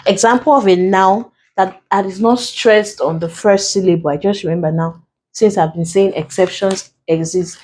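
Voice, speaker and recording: A woman with a Nigerian English accent tutoring an exam-prep lesson, slow and deliberate, repeating key points as she writes on a board. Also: medium pitch, darkish tone, low-quality recording.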